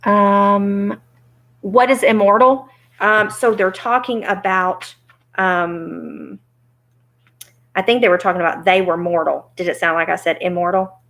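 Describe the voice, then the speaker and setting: A woman's voice: medium pitch, unhurried. A woman teacher reading a story aloud to young students, stopping to explain words. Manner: expressive, explanatory.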